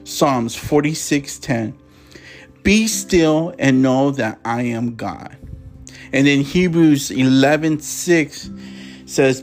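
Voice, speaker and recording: A man's voice: medium pitch, takes it slowly, faint music behind. A man hosting a preaching podcast, speaking with passion and stumbling a little when he reads scripture aloud.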